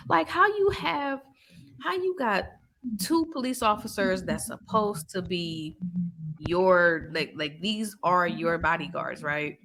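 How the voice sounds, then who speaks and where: Lively woman gushing bout a horror flick, pitch jumping all over, slangy. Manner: animated, loud exclamations and laughter, slangy. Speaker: podcast co-host. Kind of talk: casual movie recap chat.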